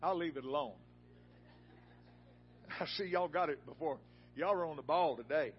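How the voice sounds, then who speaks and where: A man preaching a sermon in a church, telling a folksy personal story that rises to loud, emphatic peaks. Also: on the high side, moderate pace, lo-fi sound, a little hiss or hum.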